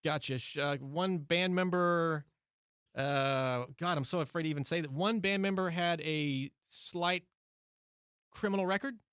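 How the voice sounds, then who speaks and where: A man's voice: a little high, a little slow, a bit bright, smooth, dry recording. A man hosting a radio interview, eager and playful, firing off questions in a studio. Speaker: radio host.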